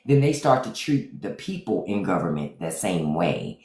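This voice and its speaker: A man's voice: low-pitched, very animated, moderate pace, darkish tone. A middle-aged man hosting a casual livestream, blunt and profane, greeting his chat by name as he comments. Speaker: livestream host. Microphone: phone. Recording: echoey room.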